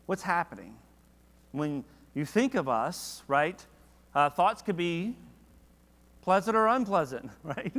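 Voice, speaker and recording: A man's voice: fairly high pitch, slow pace, pauses often, in a large hall. A man leading a church Bible study in a casual, conversational way, often asking the class questions. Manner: conversational, asks the class questions, animated when reading verses.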